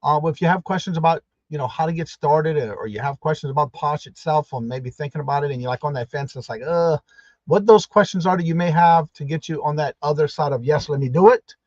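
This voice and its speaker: A man hosting a live stream, warmly greeting each viewer by name in an upbeat, repetitive way. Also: a little high, fast, no room sound, muffled recording. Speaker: livestream host.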